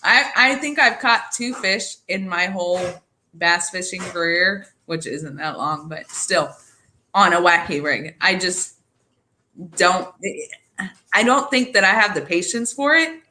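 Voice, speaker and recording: Female co-host, low-ish pitch, bright tone, playful and teasing. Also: lively intonation, a little slow, a little hiss or hum. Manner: playful, self-deprecating. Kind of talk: casual fishing chat.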